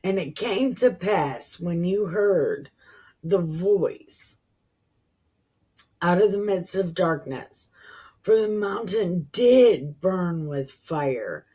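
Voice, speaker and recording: A woman hosting a Bible reading channel, reading scripture aloud slowly and breaking in with profane, sarcastic asides. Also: low-pitched, mellow, husky.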